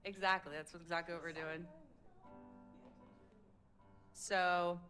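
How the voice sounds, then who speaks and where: Excited lady teaching a voice workshop, playful, shows off different voices. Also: on the low side, moderate pace, soft background music. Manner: energetic, playful, demonstrating voices. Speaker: public speaking coach. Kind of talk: live voice workshop. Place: workshop room with audience.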